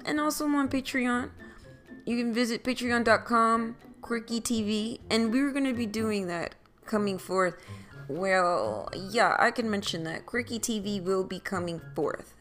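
A woman's voice: mid-range voice, a bit bright. Woman podcast host, solo casual monologue, rambling and repetitive, slightly scratchy, faint music behind. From Philadelphia, USA. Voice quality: scratchy at times. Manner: rambling, repeats phrases playfully.

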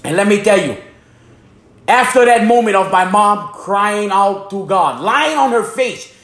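A man from Hawaii with a very high voice gives a fervent religious testimony, repeating phrases and tripping over his words. He sounds like a preacher. The room around him is echoey. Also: animated, unhurried, a bit bright. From Hana, Maui, Hawaii.

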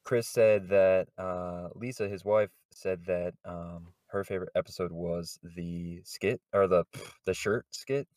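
A man's voice: deep voice, steady tone, unhurried, few pauses, darkish tone, no echo, studio quality. A man hosting a casual podcast chat, rambling with many fillers and chuckling often. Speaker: podcast host.

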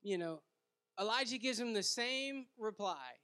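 High-voiced preaching pastor, loud then hushed. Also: male voice, lively intonation, moderate pace. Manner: dynamic preaching, swinging from loud scripture reading to hushed asides; conversational, with fillers like "right?" and "man". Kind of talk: sermon.

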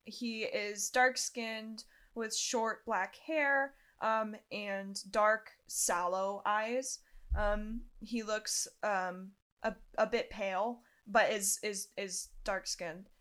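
A young woman player in a tabletop role-play who describes her character slowly and hesitantly, with many ums. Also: mid-range voice, fairly even intonation, fairly bright tone, clear, resonant tone.

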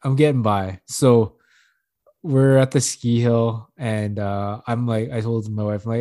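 Steady in tone, unhurried and mellow, this man rambles through a lengthy, profane anecdote on a podcast. He laughs a lot and acts out the quoted lines by raising his voice.

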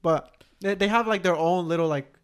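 A man's voice: high voice, normal speed, clean tone. A young man, co-hosting a podcast and telling a story in a loose, profane, slangy way. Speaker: podcast co-host. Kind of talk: casual chat, storytelling.

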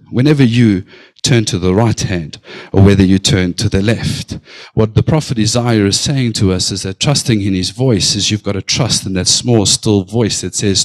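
Deep-voiced man preaching a sermon. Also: dry recording, rough recording. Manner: preaching with slow drawn-out emphasis and sudden bursts of speed. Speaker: pastor.

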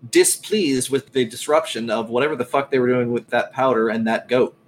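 A man's voice: mid-range voice, a little hiss or hum, low-quality recording. Man narrating as game master. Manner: measured descriptive narration.

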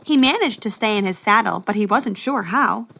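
A woman narrating a storybook adventure in a steady, expressive way. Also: medium pitch, moderate pace, gravelly.

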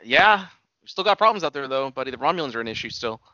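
A man's voice: medium pitch, big pitch swings, fast, pushed and bright, no echo, muffled recording. A man in casual chat, explaining a TV series' background with hedging asides. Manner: knowledgeable fan, explains lore with hedging asides.

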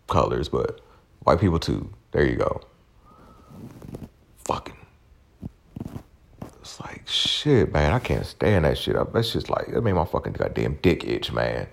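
A man's voice: low-pitched, vocal fry. A man in his forties hosting a podcast, ranting bluntly with plenty of swearing. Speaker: podcast host. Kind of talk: casual profane rant.

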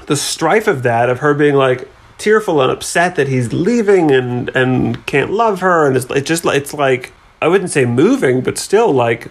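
A man's voice: medium pitch, expressive, measured pace, few pauses. Chatty, wry man discussing a film. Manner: chatty, wry, many filler likes. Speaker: podcast co-host.

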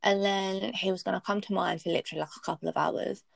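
Gravelly young woman, blunt. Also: medium pitch, fairly even intonation, quick pace, no room sound. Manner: candid storytelling, blunt and swearing. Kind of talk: casual chat.

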